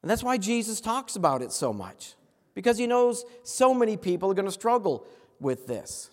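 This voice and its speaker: A man from Massachusetts preaches a sermon with a high, bright voice. He is earnest, rushes through his asides and slows right down on the words he wants to land. His voice rings out with a long reverb from a large hall. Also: sing-song. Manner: earnest, with quick asides and slow emphatic stresses. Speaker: pastor.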